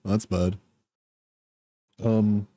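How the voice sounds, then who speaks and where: A man talks to his stream viewers from home, still groggy after a nap. His voice sits low and mellow, and it is recorded close and dry. He greets people one by one in a soft, apologetic way. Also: level tone, extremely slow, no room sound. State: groggy, just woke from a nap. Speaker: livestreamer. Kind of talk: casual livestream chat. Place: at home, wrapped in a blanket.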